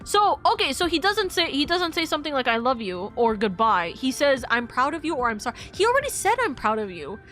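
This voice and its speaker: A woman's voice: high voice, sing-song, a little fast, few pauses, fairly bright tone, soft background music. A young woman streaming a story game, gushing and emotional as she talks, rambling through restarts. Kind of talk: casual live-stream commentary.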